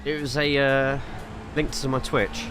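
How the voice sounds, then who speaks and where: Over music, an English man with a mid-range voice speaks unhurriedly and in a level tone while streaming a racing sim. He chats loosely and rambles with viewers, reading their chat aloud between driving tips.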